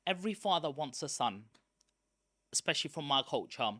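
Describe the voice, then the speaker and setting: A man, a guest telling candid stories from his school days in a lively, chatty way. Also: on the high side, fairly quick, no echo, clean studio sound. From East London, England. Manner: lively, chatty, self-aware. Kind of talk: candid personal storytelling.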